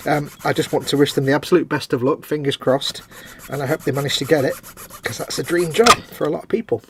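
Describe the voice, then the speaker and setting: A man's voice: a little high, fast talker, noisy background. A man co-hosting a casual live stream, joking around and reading out chat messages. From United Kingdom. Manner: jokey, reads out chat messages.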